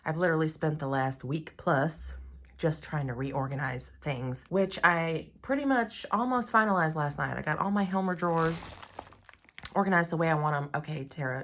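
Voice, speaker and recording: A woman chatting casually in her home nail salon, gushing excitedly as she unboxes nail art gear. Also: deep voice, moderate pace, slight background noise. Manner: excitable, gushing, often gasping and sighing.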